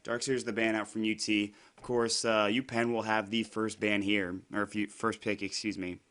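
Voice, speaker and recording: Slightly hoarse chatty male commentator. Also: lowish voice, little pitch movement, normal speed, fairly bright tone. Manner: chatty, rambling, frequent fillers and self-corrections. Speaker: esports commentator. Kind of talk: solo play-by-play commentary.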